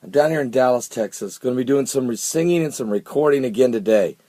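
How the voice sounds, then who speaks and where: A man's voice: medium pitch, fast talker, mellow, dry recording. A man talking casually in a video blog, a little tired, chatty and given to repeating himself in disbelief. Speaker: vlogger.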